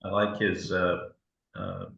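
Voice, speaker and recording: A man's voice: low voice, very animated, slow pace, vocal fry, fairly bright tone. A man, a chiropractor co-hosting a podcast, speaking hesitantly with trailing phrases and many fillers. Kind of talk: casual podcast chat. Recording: dull echoey remote audio.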